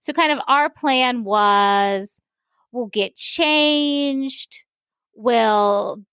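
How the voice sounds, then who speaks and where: A woman's voice: fairly high pitch, drawn-out words, a bit bright, clear, resonant tone, dry recording, clean studio sound. A woman co-hosting a podcast, telling a story in casual chat with lots of filler words. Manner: rambling storyteller, many "like" fillers. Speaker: podcast co-host.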